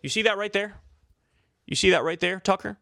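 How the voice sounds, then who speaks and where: A man's voice: high voice, a little fast, gravelly, bright, forceful tone, no room sound, studio quality. A man delivering a heated, profane, sarcastic political commentary rant, full of filler likes. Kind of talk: ranting political commentary vlog.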